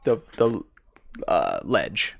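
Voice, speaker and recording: Male game master, relaxed, chuckles a lot, slow delivery. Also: deep voice, vocal fry, no echo. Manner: laid-back, laughs often, fillers while thinking. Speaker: dungeon master. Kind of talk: narrating a tabletop game.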